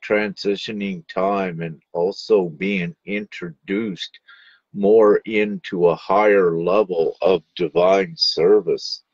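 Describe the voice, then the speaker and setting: Very deep, slow, husky-voiced male host. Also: fairly even intonation, dry recording, highs cut off. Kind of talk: affirming interview chat.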